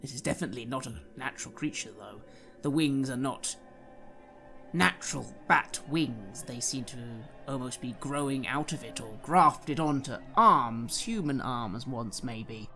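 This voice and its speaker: A man's voice: mid-range voice, animated, a little slow, vocal fry, sharp tone, faint music behind. A man narrating a tabletop horror game as game master, with detailed scene descriptions. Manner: detailed, vivid scene-setting.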